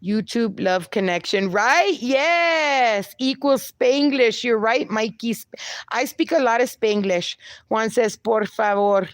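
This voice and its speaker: Female stream host, unhurried and chatty, mixes in Spanish words, close dry sound. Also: fairly high pitch, no room sound. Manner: chatty, reads chat aloud, slips into Spanish words. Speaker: livestream host. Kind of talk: casual live chat reading comments.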